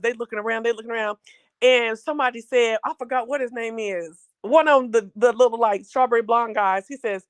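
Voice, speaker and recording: A woman hosting a casual live-stream recap, talking in a chatty, slangy, animated storytelling way. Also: on the high side, fairly quick, clear, resonant tone. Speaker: show recap host.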